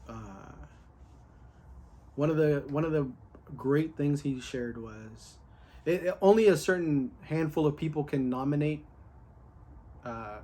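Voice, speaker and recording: A man in a casual, excited recap of his day, candid, full of fillers and with the odd curse. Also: a little high. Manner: candid and excited, with many fillers and a bit of cursing.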